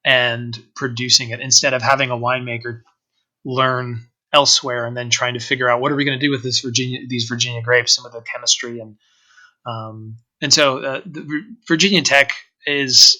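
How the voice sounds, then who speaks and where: A man's voice: mid-range voice, fairly even intonation, normal speed, bright, forceful tone, low-quality recording. A man being interviewed about running an organic vineyard, talking casually with many ums and restarts. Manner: hesitant, lots of fillers and restarts. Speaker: organic winery owner, guest.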